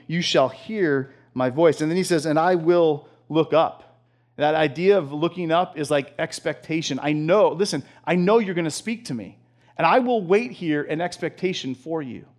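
A man delivering a sermon with a slightly raised voice. He talks conversationally, building fervor and breaking into chuckles, with plenty of restarts along the way. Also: on the high side. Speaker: pastor.

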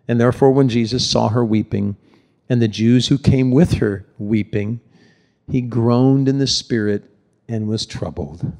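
Older guy pastor giving a sermon, chatty and tender, goes soft and hushed a lot. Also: medium pitch, measured pace. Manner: conversational and tender, dropping to near-whispers at emotional points.

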